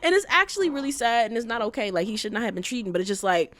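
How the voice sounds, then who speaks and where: A woman's voice: a little high, sing-song, racing, fairly bright tone. A young adult woman hosting a podcast, chatting casually and bluntly, full of "like" and "you know" and the odd curse. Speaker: podcast host. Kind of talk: casual chat recapping a story.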